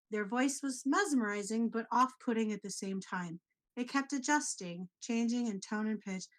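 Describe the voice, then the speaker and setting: A woman's voice: medium pitch, a bit bright, close to an everyday voice. A woman voicing an anxious young man as she reads out his nightmare journal in an earnest, uneasy way. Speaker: player.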